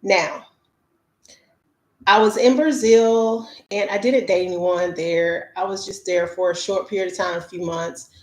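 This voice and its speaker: A woman's voice: lowish voice, steady tone, unhurried, a little mellow. A woman travel vlogger from the United States telling her viewers candid stories in a chatty, casual way with lots of fillers. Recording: roomy echo.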